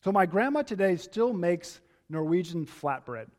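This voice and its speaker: Pastor guy giving a sermon in church, pretty high voice, chatty storytelling, lots of restarts. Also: expressive, moderate pace, a little mellow.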